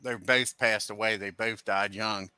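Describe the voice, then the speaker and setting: Bright-voiced man telling a profane story. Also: lowish voice, steady tone, unhurried, clear, resonant tone, no echo. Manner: profane storyteller, acts out quotes loudly. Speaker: host. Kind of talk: casual group chat on a video call.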